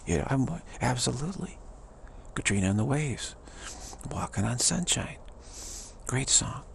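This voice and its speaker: A man's voice: medium pitch, expressive, normal speed, a little hiss or hum. A middle-aged man giving a rambling, enthusiastic pep talk, repeating himself and chuckling often. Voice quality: gravelly. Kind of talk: rambling motivational monologue.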